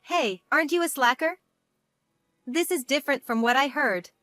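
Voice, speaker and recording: A woman's voice: high-pitched, moderate pace, a bit bright, no echo, studio quality. A woman reading a grasping sister-in-law. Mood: indignant.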